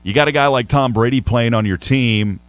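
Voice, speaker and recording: A man's voice: mid-range voice, brisk, no room sound. A man with a Southern accent, hosting a sports radio show in a chatty, rambling way with playful ribbing. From Texas. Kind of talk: casual sports talk.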